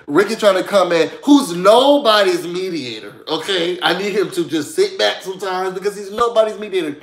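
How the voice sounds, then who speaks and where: A man's voice: high voice, lively intonation, moderate pace, hardly any pauses. A man recapping a reality show in casual, gossipy chat, talking straight to his viewers. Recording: echoey room.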